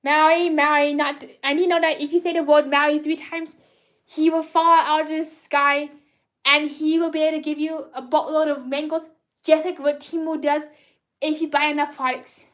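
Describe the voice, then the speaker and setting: A woman hosting a live art stream, chatting excitably with viewers while drawing, rambling and often restarting her sentences. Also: high-pitched, moderate pace. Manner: bubbly, rambling, cheers and greets viewers; self-corrects and restarts often. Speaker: livestream host drawing fan art requests.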